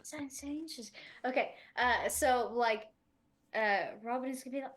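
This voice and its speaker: A woman's voice: on the high side, normal speed. A woman playing a tabletop game, chatting casually and giggling. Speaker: player. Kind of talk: casual chat.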